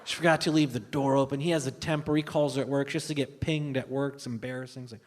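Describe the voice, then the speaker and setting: A man doing stand-up comedy, telling a family story with animated delivery and acting out relatives. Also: medium pitch, fast. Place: live comedy stage. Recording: live stage with long reverb and faint noise.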